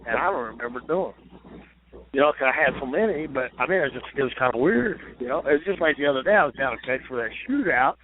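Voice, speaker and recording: Over a tinny phone line with a little hiss or hum, a retired pro wrestler calls in as an interview guest. His slightly high voice carries casual, rambling stories full of profanity.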